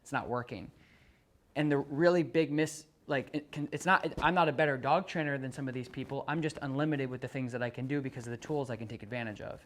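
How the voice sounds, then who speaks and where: A man's voice: medium pitch, quick pace. Earnest man explaining dog training. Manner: earnest, many restarts, acts out dog and owner. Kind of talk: explaining to a client.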